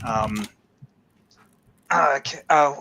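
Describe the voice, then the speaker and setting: A man's voice: medium pitch, expressive, extremely slow, gravelly, bright, forceful tone, slight background noise, low-quality recording. A man hosting a podcast in casual chat, rambling, laughing often and swearing freely. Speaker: podcast host.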